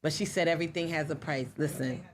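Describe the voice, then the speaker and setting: A woman with a New York accent co-hosting a podcast, teasing and loud as she gives shout-outs. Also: low-pitched, steady tone, fast talker. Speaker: podcast co-host. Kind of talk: casual chat.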